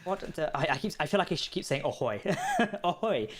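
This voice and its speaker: A man's voice: a little high, fast, slight background noise. A man hosting a livestream of a video game, chatting casually and laughing often. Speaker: community manager hosting a livestream.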